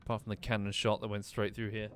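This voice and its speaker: A man's voice: on the low side, level tone, quick pace, fairly bright tone, slight background noise. A man streaming a mystery game, casually thinking aloud, muttering and swearing now and then. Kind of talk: casual gameplay commentary.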